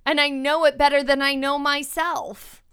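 Woman in her late twenties, podcast co-host, casual chat, playful and mock-grand, high voice, close mic. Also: little pitch movement, moderate pace, pushed and bright. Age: late 20s. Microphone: close microphone.

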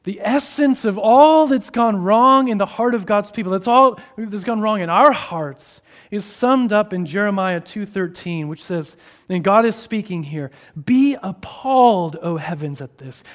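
A man preaching a sermon, moving between hushed, drawn-out phrases and raised, emphatic ones. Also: high-pitched. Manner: expressive, shifting between hushed and raised delivery.

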